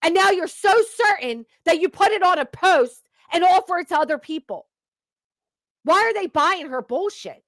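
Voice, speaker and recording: A woman's voice: extremely high pitch, expressive, normal speed, fairly bright tone, dry recording. A woman hosting reaction commentary, cursing and ranting with sarcasm. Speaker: commentary channel host.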